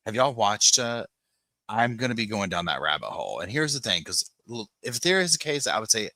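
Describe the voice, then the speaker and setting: A man's voice: lowish voice, big pitch swings, a little fast, sharp tone, no echo. A man hosting a casual live-stream chat from home, greeting viewers by name and rambling along with plenty of "like" fillers. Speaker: podcast host. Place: home, on a sofa with dogs nearby.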